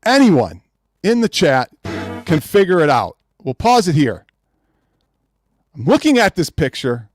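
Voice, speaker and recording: A man hosts a live gaming podcast stream, venting in an exasperated and repetitive way while reading out names from the chat. His pitch swoops widely as he gets worked up, and it sits a little higher than most men's. The sound is dry and close. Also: very animated, measured pace, long pauses, dry recording, soft background music. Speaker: podcast host.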